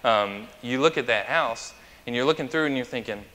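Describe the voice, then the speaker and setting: Bright-voiced male pastor in reverberant church. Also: medium pitch, normal speed. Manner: chatty and anecdotal, asking the congregation questions. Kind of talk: conversational sermon. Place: church sanctuary.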